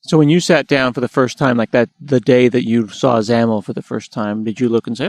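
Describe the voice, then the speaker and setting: A man's voice: medium pitch, fairly even intonation, a little fast, few pauses, a little mellow, no room sound. A man with an American accent hosting a casual tech interview, asking curious questions with a self-deprecating touch. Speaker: host.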